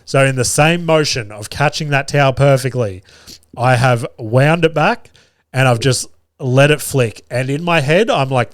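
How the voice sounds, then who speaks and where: A man in his thirties tells a story from home, swearing freely and laughing as he goes. His voice sits at a middle pitch and sounds close and dry, with no room around it. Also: unhurried, no echo. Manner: animated, profane anecdote-telling with frequent laughter. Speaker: podcast host. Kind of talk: casual storytelling.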